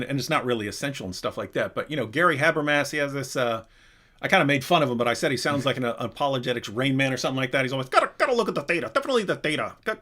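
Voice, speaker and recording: A man answers viewer questions on a livestream in a loose, animated way. His voice sits at a middle pitch, and he often trails off, restarts and piles on asides. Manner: animated, rambling, self-interrupting. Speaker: live Q&A host. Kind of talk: casual livestream chat.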